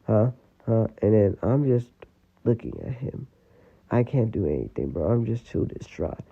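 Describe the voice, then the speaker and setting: Man, casual storyteller, gravelly and husky, tinny phone-line sound. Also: on the low side, sing-song, normal speed. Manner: rambling, full of "you know" and "like".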